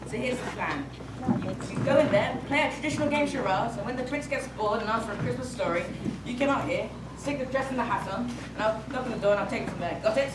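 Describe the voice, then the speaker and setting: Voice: mid-range voice, quick pace, lightly acted. A young student playing a bossy, scheming male servant in an amateur school stage comedy. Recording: noisy echoey hall from far off.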